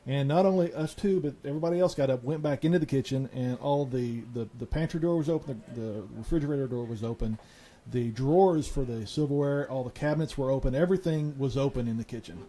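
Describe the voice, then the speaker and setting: A man, a guest on a talk show, telling a ghost story in a halting way. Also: mid-range voice, mellow, poor audio. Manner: halting, full of restarts and fillers.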